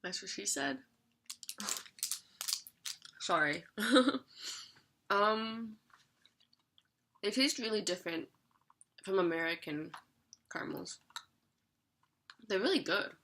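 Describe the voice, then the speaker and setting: A woman's voice: mid-range voice, expressive, slow pace, long pauses, fairly bright tone, slight background noise. A young woman vlogging an unboxing in a chatty, giggly way, sometimes talking while she eats. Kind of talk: casual unboxing chat.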